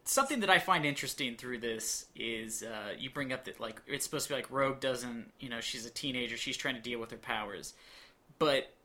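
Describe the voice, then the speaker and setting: A man recaps a movie's plot on a casual podcast, his voice bright and clear. He peppers the story with sarcastic jabs at the characters and the casting. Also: mid-range voice, brisk. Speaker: podcast co-host. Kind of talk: casual movie review chat.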